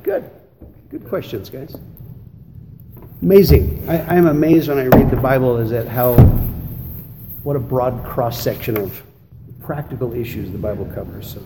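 A man teaching a church lesson as a pastor, animated and given to acting out little scenes and laughing as he goes. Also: mid-range voice. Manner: animated storyteller who acts out quarrels and laughs often. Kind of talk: church lesson answering questions. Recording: echoey hall with background noise.

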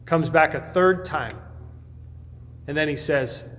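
A man with a somewhat high voice gives a casual, conversational sermon, often stuttering and repeating words. His voice rings through a large hall with a long reverb tail. A faint hum of background noise sits beneath his words. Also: normal speed, pauses often, fairly bright tone. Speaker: pastor.

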